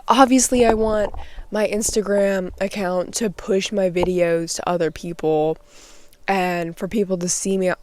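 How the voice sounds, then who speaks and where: A young woman is recording a morning vlog in her nook at home, talking straight into the camera. She rambles, gets heated and swears a lot. Her voice sits at a middling pitch, and the sound is dry and close with no room echo. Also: darkish tone. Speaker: vlogger and artist. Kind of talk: unscripted morning vlog rant.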